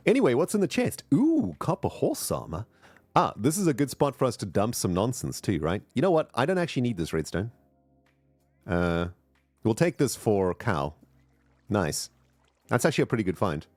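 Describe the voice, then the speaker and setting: A chatty male game streamer talks casually to his viewers, his voice leaping up and down with excitement. The sound is dry and close, with faint music playing underneath. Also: medium pitch, moderate pace, no room sound. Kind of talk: casual live gameplay chat.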